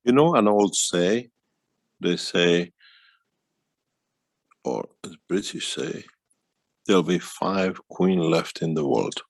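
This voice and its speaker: Man, very deep voice, gravelly, husky, slow rambling talk, dry sound. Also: dry recording, poor audio. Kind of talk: casual conversation.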